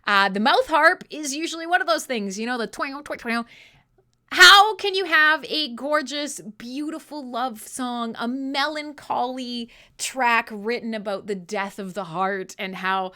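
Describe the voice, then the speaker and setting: A woman hosting a live metal radio show, chatting casually with listeners in an animated, profane way, often laughing at herself. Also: a little high, a little slow.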